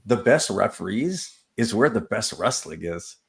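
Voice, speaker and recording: A man with a lowish voice, an assistant wrestling coach chatting in an interview. He tells stories with lots of "um" and "like" and acts out what people said. His delivery is loose and conversational. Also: sing-song, measured pace, vocal fry. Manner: storytelling, acts out quoted exchanges, many fillers. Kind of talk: casual interview talk.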